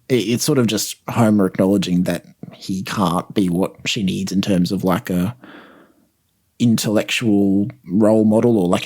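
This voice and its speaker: Thoughtful podcast co-host man, low voice. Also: darkish tone. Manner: thoughtful, explains scenes at length. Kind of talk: casual chat.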